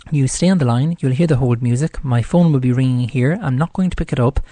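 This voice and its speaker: A man's voice: medium pitch, fast, mellow, dry recording. A man with an Irish accent hosting a live radio show, talking in a chatty, rambling way. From Ireland. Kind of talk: casual live radio talk.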